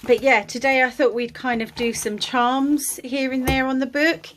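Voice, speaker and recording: A woman's voice: high voice, steady tone, moderate pace, a bit bright, a little hiss or hum. A woman vlogging about her crafts, chatty and apologetic with many ums, tired and a bit out of breath, filmed on a phone at home. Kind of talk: casual chat to camera. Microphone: phone on a holder.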